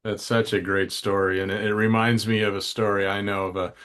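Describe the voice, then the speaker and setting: A man's voice: lowish voice, level tone, fairly quick, a bit bright. A man hosting a podcast interview, reflecting aloud and asking long, rambling questions. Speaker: podcast host. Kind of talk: interview conversation.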